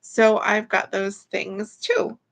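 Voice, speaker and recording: A woman's voice: medium pitch, little pitch movement, slow pace, vocal fry, a bit bright. A tired woman hosts a casual livestream from home, greeting viewers by name. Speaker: livestream host.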